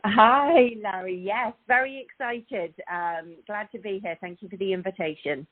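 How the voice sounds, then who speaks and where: A woman's voice: mid-range voice, normal speed, no room sound. British woman from the Midlands on a phone line. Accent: English Midlands. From England. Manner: laughs easily, friendly. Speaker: corporate communications executive, guest. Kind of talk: casual radio interview. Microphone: phone call.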